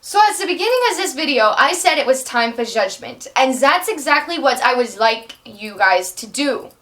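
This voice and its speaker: Bright-voiced young woman in put-on French accent. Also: high voice, lively intonation. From United States. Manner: rambling, fast, apologetic and self-conscious. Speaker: vlogger and actress. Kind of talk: unscripted casual chat to camera.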